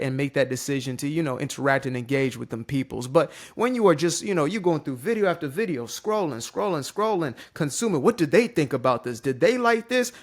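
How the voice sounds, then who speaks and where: Animated man riffing straight to camera. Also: on the high side. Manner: animated, joking, swears casually. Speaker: content creator. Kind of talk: unscripted motivational monologue. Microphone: facing a ring light on camera.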